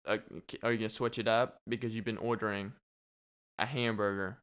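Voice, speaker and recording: Smooth-voiced young man joking around. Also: on the low side, steady tone, brisk, fairly bright tone. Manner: rambling, joking, laughs often. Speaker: podcast host. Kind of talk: casual solo podcast monologue.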